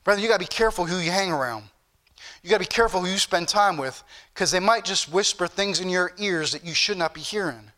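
A man's voice: sits high, quick pace, bright, forceful tone. A man preaching a fervent sermon, repeating phrases and calling out to the brethren. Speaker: pastor.

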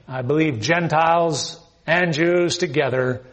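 A man's voice: on the high side, unhurried, fairly bright tone. A man preaching a sermon, reading scripture aloud and explaining it with emphatic, dramatized delivery. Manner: emphatic, acts out scripture scenes. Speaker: pastor.

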